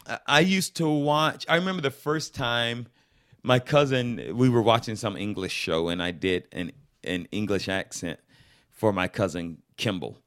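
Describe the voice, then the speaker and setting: A man from Georgia, a guest actor chatting casually and telling animated stories. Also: lowish voice, measured pace. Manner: animated storyteller who slips into voices. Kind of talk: casual chat.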